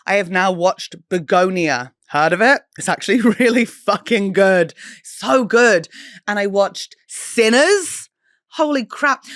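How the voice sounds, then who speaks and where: A woman's voice: lowish voice, fairly bright tone, no room sound, clean studio sound. A woman hosting her own solo comedy podcast, chatting in a bubbly, rambling way. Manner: bubbly, chatty, swings into sung bits. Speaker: podcast host.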